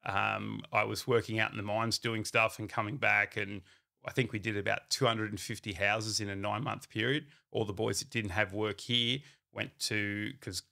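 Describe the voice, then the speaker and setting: Gravelly man spinning yarns. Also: fairly low pitch, normal speed. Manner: animated anecdotes, acting out what people said. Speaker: company founder. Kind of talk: casual storytelling.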